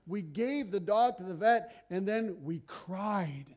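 Telling stories in a lively, conversational way, a middle-aged preacher delivers his sermon slowly. His voice sits high for a man, with a dark, mellow tone.

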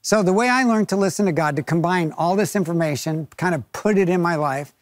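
High-voiced man preaching a lively story. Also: fairly quick, dry recording, studio quality. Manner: lively storyteller who acts out quoted voices; chuckles while telling the story. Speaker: pastor. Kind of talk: sermon storytelling.

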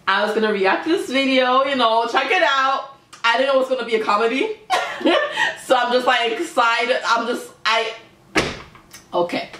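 Excitable woman reacting in an echoey room. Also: fairly high pitch, normal speed. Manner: excitable, laughs often, trails off mid-sentence. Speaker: YouTube reaction host. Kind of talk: casual reaction commentary. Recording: echoey room with faint music.

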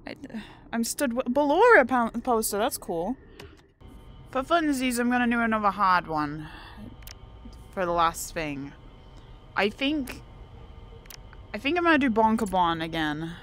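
Jumpy woman gaming, slow-talking. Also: a little high, lively intonation, fairly bright tone, a little hiss or hum. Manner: jumpy, thinks aloud, yelps and panics when startled. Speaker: gamer. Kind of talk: casual gameplay commentary.

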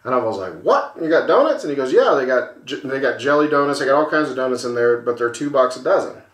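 Over a beer, a podcast co-host tells a wild road story, animatedly acting out the voices and swearing freely. His medium-pitched voice moves fast and sounds reverberant.

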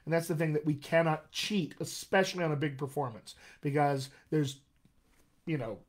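A male dialect coach fields viewer questions on a live stream, sounding energetic and encouraging. His voice sits a little higher than most men's. He calls his viewers "my friends". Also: normal speed. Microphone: computer mic on a live video stream.

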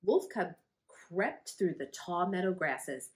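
A woman's voice: lowish voice, measured pace. Librarian lady reading a kids' book, friendly, voice bouncing up and down a lot. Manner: expressive, friendly storytelling. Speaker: children's librarian. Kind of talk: reading a picture book aloud to children.

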